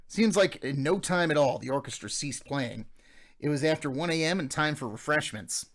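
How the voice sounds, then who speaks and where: A man narrating a memoir audiobook in a measured, gently nostalgic storytelling manner. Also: mid-range voice.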